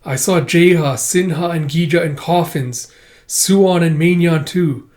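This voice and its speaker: A man's voice: a little high, a little slow, darkish tone, voice pushed up, natural voice. A man reading the lines of an anxious young princess from a manga, in a slightly raised voice. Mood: worried.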